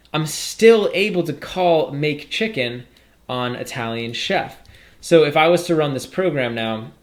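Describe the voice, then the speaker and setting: A man explaining programming in a casual, upbeat way, walking through code as he types. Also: mid-range voice. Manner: casual, upbeat explaining with fillers while coding. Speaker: programming tutor. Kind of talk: screen-recorded coding tutorial.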